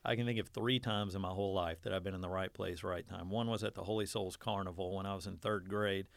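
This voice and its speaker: A man's voice: low-pitched, fairly even intonation, quick pace, gravelly, dry recording. A man in his forties, a teacher, telling a long folksy story in a casual interview and acting out the quotes. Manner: folksy, self-deprecating storyteller who acts out quotes.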